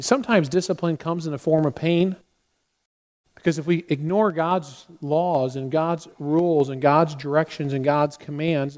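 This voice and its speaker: A man's voice: on the high side, darkish tone. A middle-aged man preaching a sermon as a pastor, earnest, with sudden acted outbursts.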